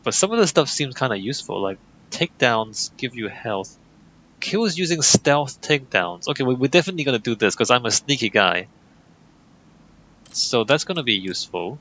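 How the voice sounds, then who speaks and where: A man's voice: medium pitch, sing-song, normal speed, a bit bright, lo-fi sound, slight background noise. A young man giving casual, joking commentary over a game he is playing and reading in-game text aloud. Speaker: gaming channel host. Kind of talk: let's play commentary.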